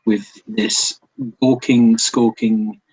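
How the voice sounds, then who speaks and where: A man running a tabletop role-playing game, narrating scenes haltingly with many restarts. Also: mid-range voice, big pitch swings, creaky, darkish tone, breathy edge, low-quality recording. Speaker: game master.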